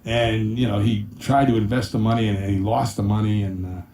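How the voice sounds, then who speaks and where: A middle-aged man doing stand-up accountant jokes, acting out his clients in high voices and punching each punchline with 'ba-boom'. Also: steady tone, a little fast, mellow. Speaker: comedian and musician telling accountant jokes. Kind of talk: stand-up joke telling. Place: small room with a live audience. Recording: echoey room, mic at a distance.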